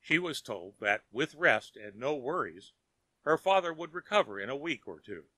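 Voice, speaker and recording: A man narrating an audiobook of a short story with expressive storytelling. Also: mid-range voice, moderate pace, no echo.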